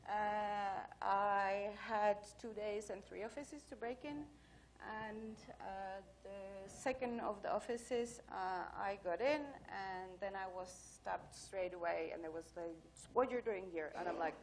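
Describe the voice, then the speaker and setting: A woman's voice: medium pitch, fairly even intonation, measured pace. A woman giving a conference talk, telling anecdotes in a chatty way full of fillers. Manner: chatty, storytelling with many fillers. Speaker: conference speaker. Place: conference hall.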